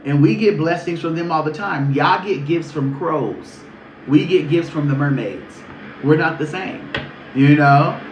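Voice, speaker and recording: A man doing a casual spiritual reading on a livestream, talking in a sassy, profane, animated way. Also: a little high, slight background noise. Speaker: spiritual reader. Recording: echoey room.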